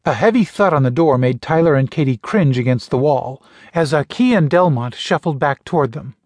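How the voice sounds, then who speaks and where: A man narrating a science-fiction audiobook in a steady, even storytelling voice. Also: fairly high pitch, normal speed, no echo, clean studio sound. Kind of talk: scripted narration.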